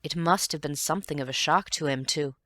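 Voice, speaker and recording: A woman voicing a polite, curious young gentleman investigator in an audiobook, speaking cautiously. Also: sits low, a little fast, no echo, studio quality. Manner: courteous and cautious. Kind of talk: audiobook character voice.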